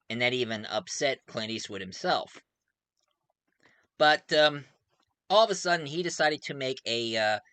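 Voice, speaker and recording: A man in his forties reviews a movie in a put-on Australian accent. He talks in a chatty way, corrects himself often, and laughs between remarks. His voice is bright and forceful, and the recording is dry and close. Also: mid-range voice, dry recording. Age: 40s. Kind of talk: casual video review.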